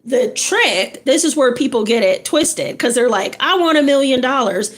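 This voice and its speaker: A woman's voice: high-pitched, lively intonation, normal speed. A woman hosting a casual livestream, chatting with viewers in an encouraging, chatty way and greeting them by name. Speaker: livestream host.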